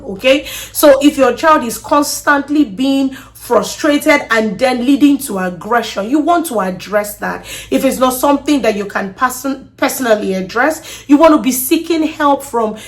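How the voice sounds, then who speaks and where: Woman, slightly high voice, parenting advice host, earnest, repeats words, checks in with listeners. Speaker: podcast host.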